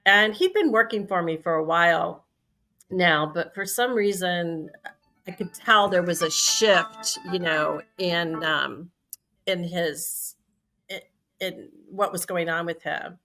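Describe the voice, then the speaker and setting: A woman in her sixties, a company CEO, telling a lively story in conversation and acting out the quoted dialogue. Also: fairly low pitch, slow pace, soft background music.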